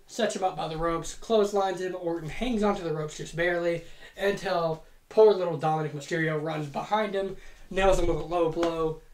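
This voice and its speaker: Rambling joking host in a roomy space. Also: medium pitch. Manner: rambling, joking, profane, self-deprecating. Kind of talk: casual fantasy booking narration. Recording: roomy echo.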